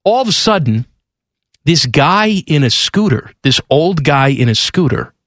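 Animated male radio host, bright lively pitch. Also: a little slow, dry recording, studio quality. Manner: lively, emphatic, exasperated retelling. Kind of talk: animated storytelling on talk radio.

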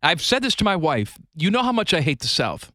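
High-voiced podcast dude, blunt and jokey, bright tone, dry close sound. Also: male voice, very animated, brisk, dry recording. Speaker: podcast co-host. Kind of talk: casual chat.

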